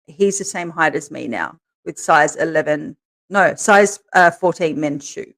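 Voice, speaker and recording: A woman co-hosting a podcast, telling candid stories in a relaxed way and laughing as she goes. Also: low-pitched, measured pace. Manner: laughs through her stories, animated quoting. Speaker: podcast co-host, interviewed as guest. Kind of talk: candid conversational storytelling.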